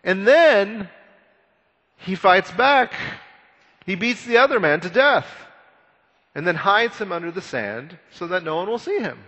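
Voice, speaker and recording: A man preaching a sermon, retelling a scripture story in a conversational, animated way with frequent repeated words. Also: high voice, measured pace, long pauses, long reverb tail, highs cut off. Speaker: pastor.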